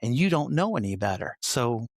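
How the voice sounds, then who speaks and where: A man's voice: mid-range voice, moderate pace, dry recording. An older man recounts events as a podcast guest, slipping into the voices of the people in his story. His voice sits in an ordinary middle register. The sound is dry and close, with no room to speak of. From Colorado, USA. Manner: animated retelling, acts out others' lines. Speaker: retired sheriff's sergeant, guest. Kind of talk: candid storytelling conversation.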